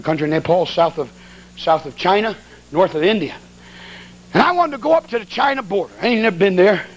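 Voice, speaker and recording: A middle-aged man, preaching as an evangelist and acting out a comic story, with loud outbursts of prayer. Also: sits high, low-quality recording. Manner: animated storyteller, shouts and cries out in prayer. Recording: faint noise, old recording.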